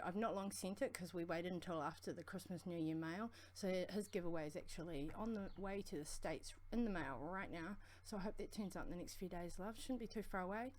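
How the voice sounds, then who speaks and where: A woman with a strong New Zealand accent co-hosting a livestream, talking fast in a rambling, friendly way. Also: mid-range voice. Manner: fast, rambling, affectionate shout-outs. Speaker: co-host of a vaping livestream. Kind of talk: casual livestream chat.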